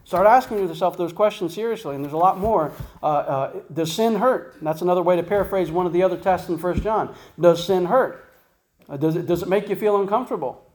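A man preaching in a fairly high voice. He talks casually and keeps asking rhetorical questions as he teaches from the Bible. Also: brisk, a little mellow, poor audio. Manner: conversational, asks rhetorical questions, says "right?" and "guess what?" often.

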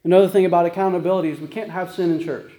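Male pastor, fast conversational sermon, mellow voice, echoey church room. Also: sits high, fairly even intonation. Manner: conversational, repeats "right?" and "guess what?".

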